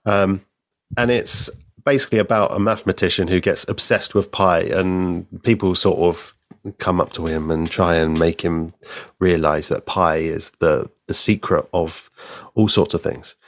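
A male podcast guest in casual chat about comics, speaking in a measured, thoughtful way with drawn-out phrases. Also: deep voice, fairly even intonation, dry recording. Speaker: podcast guest, co-host of another show.

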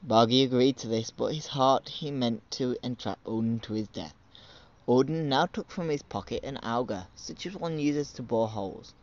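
Man, storyteller, measured narration, muffled recording. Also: medium pitch, slight background noise. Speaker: podcast host and storyteller.

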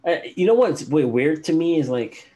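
A man's voice: fairly high pitch, animated, normal speed, a crowd in the background. A man in casual chat who laughs a lot and acts out what coworkers say. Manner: laughs often, acts out quotes.

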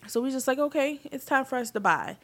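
A woman in her thirties casually telling a personal story, getting animated and loud at emotional moments. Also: high-pitched, quick pace. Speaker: vlogger telling a family story.

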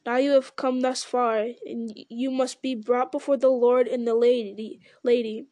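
A grave male elf sentry, as a woman reads him aloud, speaking in a stern, measured way. The voice sits fairly high and sounds close and dry, with no room around it. It has the even pace of a storybook reading. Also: no echo, natural voice.

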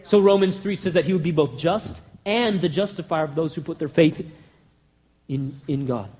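A man preaching a sermon with passion and rhetorical questions, swinging between loud bursts and hushed lines. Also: on the high side, moderate pace.

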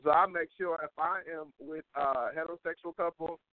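A male podcast co-host chats casually and opinionatedly, using lots of fillers. His voice is fairly high and steady, his pace brisk, and the dry recording comes through a phone call with a tinny line sound.

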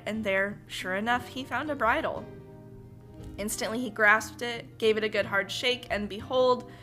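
A woman podcast host narrating an old fairy tale in an animated, dramatic storytelling manner. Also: medium pitch. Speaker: podcast host reading folktales.

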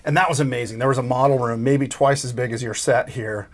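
A man in his sixties, a creature effects artist and interview guest, telling animated stories about his career, acting out quotes and laughing often. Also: mid-range voice, quick pace. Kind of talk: storytelling interview.

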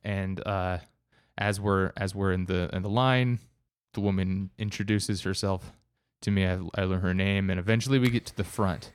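A man with a low, smooth, resonant voice tells a story in casual conversation. He rambles, full of fillers and restarts. The sound is dry and close. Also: steady tone, normal speed, no room sound.

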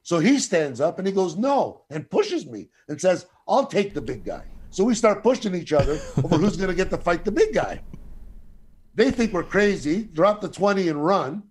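A middle-aged guest storyteller spins a long anecdote in casual talk, his high-pitched, slightly rough voice moving at normal speed. Animated and profane, he swears freely and acts out what other people said.

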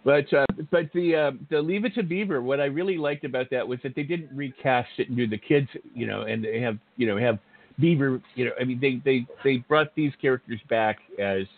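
Gravelly older host, chatty and rambling. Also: male voice, medium pitch, a little fast, no echo. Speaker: interview host. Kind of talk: casual interview chat. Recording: phone-like narrow audio.

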